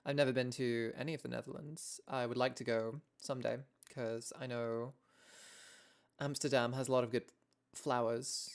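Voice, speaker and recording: A woman's voice: extremely low pitch, fairly even intonation, normal speed. A young English woman streaming a casual chat, rambling and self-deprecating, laughing often as she talks to her viewers. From England.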